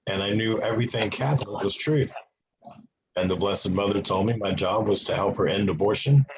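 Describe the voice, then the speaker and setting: A man's voice: fairly low pitch, a little fast. A man giving an earnest personal testimony as an interview guest. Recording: noisy with clicks.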